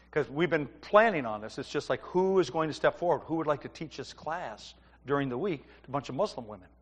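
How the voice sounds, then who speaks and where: Male pastor, high voice, fervent sermon delivery, long hall reverb. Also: lively intonation, a little fast. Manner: fervent, rising to loud preaching.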